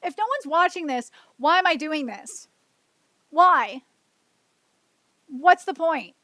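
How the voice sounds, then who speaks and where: A woman's voice: high voice, lively intonation, takes it slowly, sharp tone, dry recording. A woman streaming alone, venting emotionally and with frustration, repeating herself and swearing. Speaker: streamer hosting her own show. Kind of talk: solo livestream venting.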